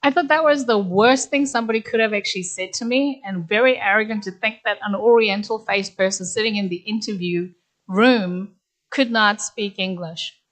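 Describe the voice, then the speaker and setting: A middle-aged Korean woman with a mid-range voice speaks at a moderate pace as a guest speaker at a graduation ceremony. She shares stories from her career in a candid, plain, conversational way, often saying "actually."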